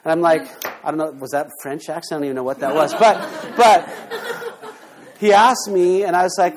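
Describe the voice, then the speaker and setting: A man's voice: on the high side, brisk, a crowd in the background. Emphatic man preaching. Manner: emphatic, rhetorical questions, lively shifts in loudness. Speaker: pastor. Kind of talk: sermon.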